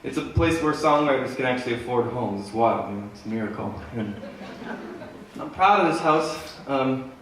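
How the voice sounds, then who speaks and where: A man from Manitoba telling a story between songs at a live concert, with laid-back, deadpan humor. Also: medium pitch, normal speed, a little hiss or hum. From Manitoba, Canada. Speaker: singer-songwriter. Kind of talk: stage banter storytelling at a concert. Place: theater stage, live. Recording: echoey theater from far off with faint guitar.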